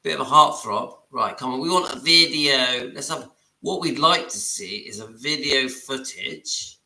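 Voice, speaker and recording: Male reaction host, bright and echoey, chatty and keen. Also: mid-range voice, measured pace, vocal fry. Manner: chatty, enthusiastic, addresses viewers as guys. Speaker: channel host reacting to a video. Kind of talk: casual reaction commentary.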